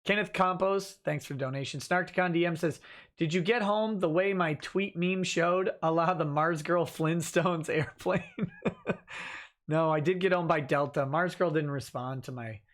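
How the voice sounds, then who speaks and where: A man hosting a livestream reads viewer comments aloud and answers them casually, restarting sentences and chuckling. His voice is a little high and fairly bright, at normal speed.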